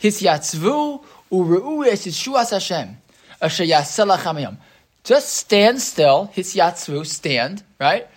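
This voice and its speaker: Teaching a Torah class in an interactive way, a woman speaks slowly in a fairly low voice. Her manner is lively as she shares stories and asks the group questions.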